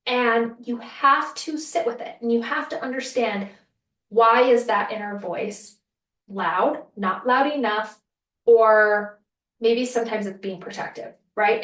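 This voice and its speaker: A woman's voice: on the high side, echoey room, distant mic. A woman hosting a solo podcast, telling a story in a casual, earnest way and acting out what people said. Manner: earnest, conversational, acts out quotes. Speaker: podcast host.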